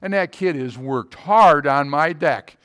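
A man's voice: fairly high pitch, unhurried, fairly bright tone. A man in his sixties preaching a sermon as a pastor, telling a personal story and often checking in with his listeners.

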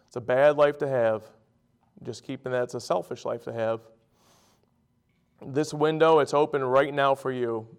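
Man, middle-aged, preaching, smooth clear voice, storytelling with emphatic bursts. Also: mid-range voice. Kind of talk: sermon.

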